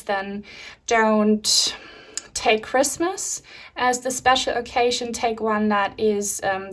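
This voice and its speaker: A young woman giving a spiritual tarot reading to camera, talking softly and reassuringly, a little out of breath. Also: fairly high pitch. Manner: soft, slow and soothing, with gentle repeated reassurances. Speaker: tarot reader.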